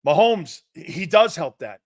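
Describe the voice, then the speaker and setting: A man hosting a sports talk show, blunt and combative, swearing freely and mocking soft opinions while he answers chat comments. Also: a little high, sing-song, measured pace, dry recording, studio quality.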